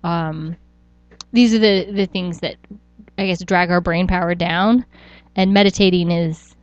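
Kobieta swobodnie gawędząca w podcaście, suchy, lekko przytłumiony dźwięk. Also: female voice, lowish voice, fairly even intonation, measured pace, dry recording, dull audio. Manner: rambling, self-interrupting, with frequent laughs. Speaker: podcast co-host. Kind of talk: casual chat.

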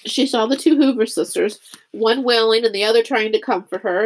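A woman narrating a children's novel audiobook in a steady, measured storytelling voice. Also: mid-range voice. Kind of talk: scripted narration.

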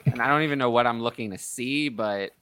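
A man hosting a casual sports talk show, opinionated and thinking out loud with frequent restarts. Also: mid-range voice, brisk, clear, resonant tone. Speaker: podcast host. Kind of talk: casual fantasy football chat.

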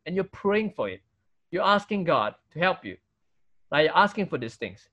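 A man's voice: sits high, expressive, brisk, fairly bright tone, dull audio. A man with a Singaporean English accent preaching a sermon, emphatic, with rhetorical questions and frequent tag "right?". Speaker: pastor.

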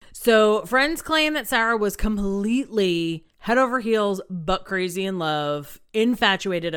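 A woman's voice: fairly low pitch, fairly bright tone, smooth. A woman hosting a podcast, casually retelling a true crime case with lots of "um" and "like". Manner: chatty, many fillers like "um" and "like".

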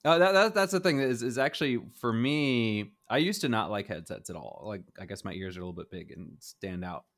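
A middle-aged man with a somewhat low voice chats casually about gaming gear. He rambles and hedges, circling back on his points and chuckling often. He sounds like a relaxed co-host. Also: fairly quick. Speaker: podcast co-host.

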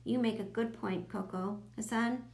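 A woman voicing a gentle, patient young female teacher in a children's story. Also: mid-range voice, steady tone, normal speed, creaky, lightly acted.

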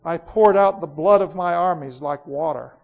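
A man's voice: on the high side, normal speed, gravelly, darkish tone. A man voicing a cold, ruthless queen in a dramatic storybook reading, in an imperious, declamatory manner. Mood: proud, declamatory. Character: proud, cold, ruthless ancient woman queen.

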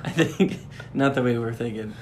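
A man's voice: mid-range voice, normal speed, slight background noise. A man co-hosting a casual comedy podcast, laughing often and full of "like" fillers. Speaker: podcast co-host.

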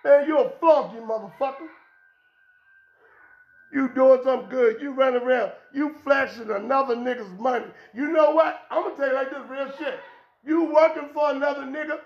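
A man's voice: very high-pitched, normal speed, dull audio. A man hosting his own podcast, lecturing bluntly and profanely in an unscripted rant. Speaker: podcast host. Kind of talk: unscripted street-talk rant. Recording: echoey room.

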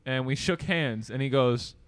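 A man's voice: mid-range voice, moderate pace, no echo. Laid-back young man telling stories. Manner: laid-back, rambling, deadpan asides. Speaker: podcast co-host. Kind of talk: casual storytelling.

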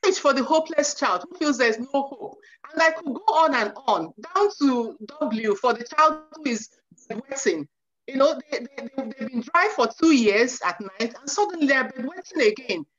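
A woman's voice: high-pitched, lively intonation, moderate pace, a bit bright. A woman in her forties, a youth counselor, earnestly advising parents and often saying "you know". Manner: earnest, repeats "you know", acts out quotes. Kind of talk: advice talk to parents. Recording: muffled lo-fi recording.

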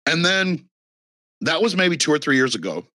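A man's voice: a little high, very animated, normal speed, pushed and bright, no echo. A man talking in a casual podcast chat, rambling and profane with lots of fillers.

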